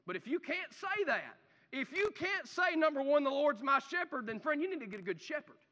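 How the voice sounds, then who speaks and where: A male pastor preaching a sermon, swinging from loud declarations to hushed, drawn-out phrases. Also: very high voice, sing-song, dull audio. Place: church. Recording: long reverb of a church hall.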